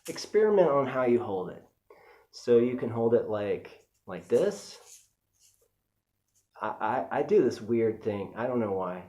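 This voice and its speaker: A man's voice: medium pitch, sing-song, measured pace, long pauses, mellow. A man giving a casual music lesson, chatty and easygoing, with frequent fillers as he explains technique. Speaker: music teacher. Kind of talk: casual instructional talk.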